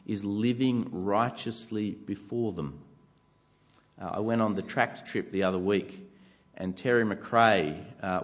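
A man's voice: lowish voice, muffled recording. A man preaching a sermon, earnest and conversational with light self-deprecating humor. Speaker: pastor.

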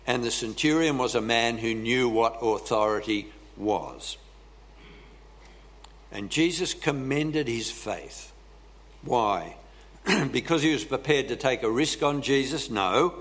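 Delivering his sermon at an unhurried, slow pace, this preacher often clears his throat and leans on dramatic pauses. He has a typical mid-range male pitch with a slightly bright tone.

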